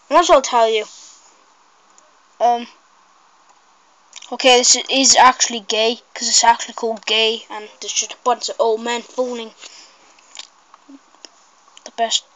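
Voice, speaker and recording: A woman giving casual, rambling gameplay commentary, excitable and shrieking at mishaps. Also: a little high, no room sound, low-quality recording.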